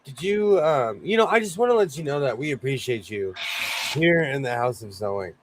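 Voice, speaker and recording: A man's voice: mid-range voice, expressive, normal speed, noisy background. A man hosting a sewing show, chatting casually in a playful, teasing way and laughing often. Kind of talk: casual chat.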